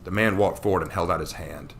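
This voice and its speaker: Gravelly male storyteller. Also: sits low, fast, slight background noise. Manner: steady, plain narration. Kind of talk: reading a story aloud.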